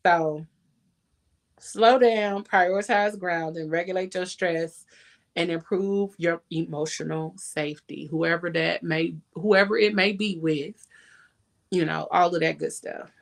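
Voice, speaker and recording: A woman's voice: on the low side, unhurried, creaky. Emphatic woman giving casual advice. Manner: emphatic, laughs often, sings a line. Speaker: podcast host.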